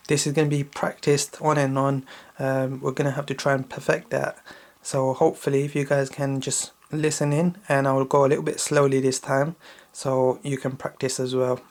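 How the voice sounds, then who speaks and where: A man teaching children to recite a Quran chapter, explaining letter sounds slowly and often checking in with "yeah?". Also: flat delivery. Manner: slow, repetitive explaining with frequent checking "yeah?"; intones Arabic verses louder and higher when reciting. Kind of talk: patient recitation lesson for children.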